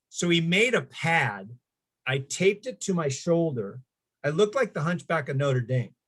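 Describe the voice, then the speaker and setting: Lively storytelling man, high-ish voice. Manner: animated, jumps into high voices for quoted people. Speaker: guest. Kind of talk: casual storytelling.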